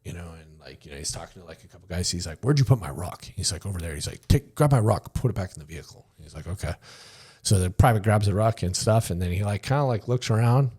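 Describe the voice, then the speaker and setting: Deep-voiced middle-aged man telling stories. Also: animated, fast talker, dark tone, slightly rough. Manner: loose and conversational, many fillers, acts out dialogue, swears. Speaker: podcast guest, retired army sergeant major. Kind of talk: casual interview storytelling.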